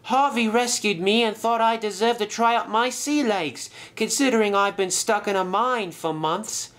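A man's voice: high voice, moderate pace, fairly bright tone, pitched above the performer's own voice. A man voicing a plucky, cocky young male boat who talks in a boastful, taunting way.

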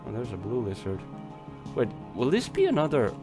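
Young man, hoarse, gravelly, slow gaming chatter, game music behind. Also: medium pitch, huge pitch swings. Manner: chatty, swears, talks to creatures on screen. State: hoarse, coughing. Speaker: let's play gamer. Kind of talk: casual gameplay commentary.

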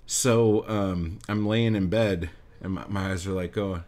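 A man's voice: lowish voice, steady tone, measured pace, few pauses. A man hosting a podcast, delivering a heated, sarcastic rant packed with profanity. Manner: swears constantly, heated and sarcastic. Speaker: podcast host. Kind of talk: profane ranting monologue.

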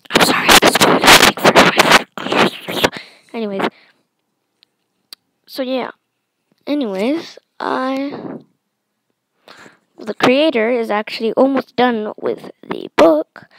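A woman's voice: high-pitched, background noise. A teenage girl reading her own story aloud and chatting afterward in a rambling way.

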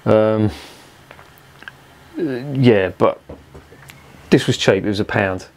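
Casting: bloke, lowish voice, rambling sweary beer-review rant. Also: male voice, slow, a little mellow. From England. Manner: swears constantly, rambling and exasperated. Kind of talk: casual profane rant.

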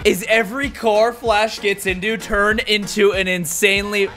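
A young man giving energetic gameplay commentary as a YouTuber, excitable and quick to shout and laugh. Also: high-pitched. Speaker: gaming YouTuber. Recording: background music under voice.

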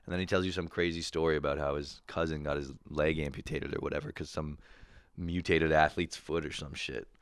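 A man hosting a comedy podcast, telling a profane, animated solo rant with quick voiced impressions. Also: very deep voice, no echo, studio quality.

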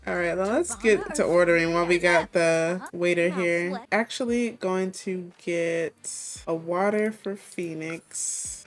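A young woman giving chatty, playful commentary while playing a life simulation game, laughing often. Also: lowish voice. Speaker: gaming creator.

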